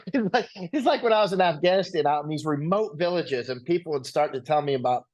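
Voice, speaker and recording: A man's voice: on the high side, a little fast, darkish tone. A man, a guest on an interview show, telling stories in a rambling, conversational way and often checking in with "right?". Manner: rambling anecdotal, tag questions.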